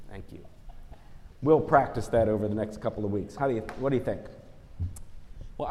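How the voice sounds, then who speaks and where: A man leading a children's message during a church service, talking gently and coaxingly as he tells a story to the kids. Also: medium pitch. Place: church sanctuary. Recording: church service audio with long hall reverb.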